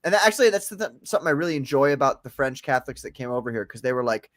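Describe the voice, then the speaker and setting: A man's voice: mid-range voice, very animated, fast, a bit bright, dry recording, clean studio sound. A man co-hosting a podcast, trading crude, teasing jokes in loose banter. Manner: mocking, jokey, teasing. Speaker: podcast co-host.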